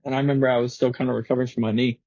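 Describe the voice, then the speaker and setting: A man's voice: medium pitch, little pitch movement, racing, darkish tone, no echo. Casual guest dude in his 20s, swears a lot, kinda muffled dull podcast audio. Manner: slangy, swearing, laughing storyteller. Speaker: guest skateboarder. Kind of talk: casual interview chat. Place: podcast studio.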